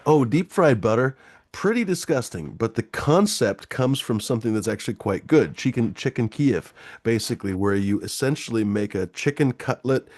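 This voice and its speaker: A man's voice: medium pitch, lively intonation, normal speed, a little mellow. A man hosting a casual late-night stream chat, rambling with many fillers and restarts. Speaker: livestream host.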